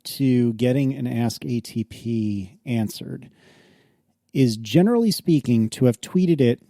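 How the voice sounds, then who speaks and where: A man co-hosting a podcast in casual chat, animated and quick to laugh, with exasperated protests. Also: medium pitch, creaky, dry recording, studio quality. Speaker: podcast co-host.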